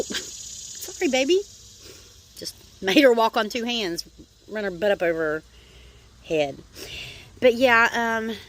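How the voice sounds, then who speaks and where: A woman's voice: on the low side, fairly bright tone, slight background noise. A middle-aged woman talking in a casual personal video diary, rambling and chatty with lots of "like" and "um" and calling her viewers "y'all". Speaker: vlogger.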